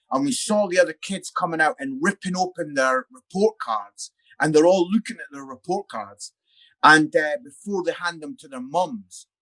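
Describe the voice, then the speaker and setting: Bright, high-voiced storyteller man. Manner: animated storyteller, self-mocking. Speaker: father. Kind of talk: casual chat.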